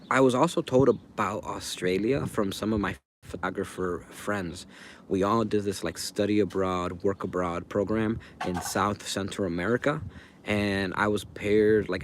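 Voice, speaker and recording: Male stream host, casual and meandering, low voice, outdoor air behind him. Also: slight background noise. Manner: rambling, talks to chat viewers by name. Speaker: livestream host. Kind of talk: casual live chat. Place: outdoors by a fire.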